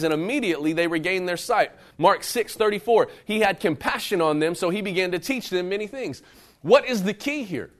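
A man preaching a sermon to a live congregation, animated and conversational, swinging between loud emphatic bursts and quieter, intimate passages while he speaks straight to the room. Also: high-pitched. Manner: conversational, addresses the room directly. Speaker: pastor. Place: church service room with a live audience.

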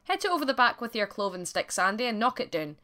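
A woman's voice: on the high side, very animated, fast, pushed and bright. A woman voicing an impatient, bossy farmer's wife giving urgent orders in a folk tale.

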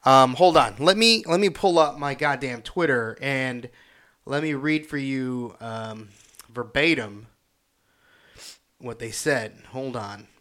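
A man's voice: medium pitch, slow pace, fairly bright tone. A man hosting his own podcast, telling a profane, exasperated story and reading messages aloud. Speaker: podcast host. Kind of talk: casual solo rant.

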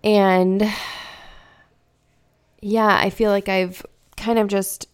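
A woman's voice: medium pitch, level tone, drawn-out words. A woman in her thirties hosting a podcast, talking candidly and emotionally, often searching for words. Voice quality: gravelly fry. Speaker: podcast host. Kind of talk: casual personal monologue.

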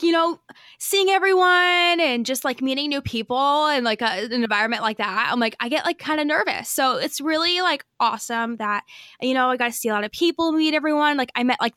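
A woman's voice: sits high, sharp tone, clean tone, dry recording. A young woman co-hosting a podcast, telling stories in a bubbly, chatty way full of fillers. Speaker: podcast co-host. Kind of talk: casual chat.

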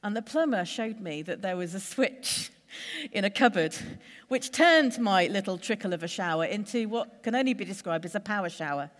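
A woman preacher giving a sermon in a measured, conversational way, building lists with steady pauses. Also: medium pitch, long reverb tail.

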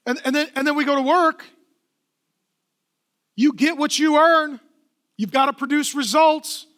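High-pitched, bright-voiced male preacher. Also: unhurried. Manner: conversational storytelling, retelling dialogues; emphatic repetition, rhetorical questions. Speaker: pastor. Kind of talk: sermon.

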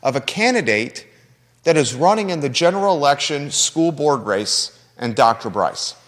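A man's voice: fairly high pitch, expressive, normal speed, fairly bright tone, long reverb tail. A man hosting a local talk show, speaking earnestly and conversationally, at times emotional. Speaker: radio show host. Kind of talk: talk radio monologue.

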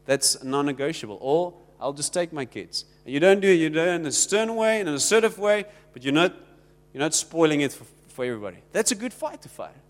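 A man's voice: fairly high pitch, animated, a little fast, big-room sound. A South African man preaching a sermon in a conversational way, acting out the little exchanges he quotes. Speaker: pastor.

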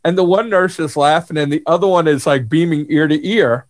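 A high-pitched man, middle-aged, hosting a casual podcast chat. He tells stories in an animated way and breaks into laughter often. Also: fairly quick, few pauses. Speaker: podcast host.

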